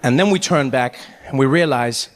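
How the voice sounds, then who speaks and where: A man doing stand-up storytelling in a big theater, animated and jumping between voices. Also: mid-range voice, moderate pace. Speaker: stand-up comedian. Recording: live hall with long reverb.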